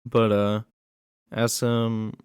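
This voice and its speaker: A man's voice: lowish voice, flat delivery, very slow, clean tone, dry recording, clean studio sound. A man casually recapping a horror movie plot in a rambling way, with many fillers and asides.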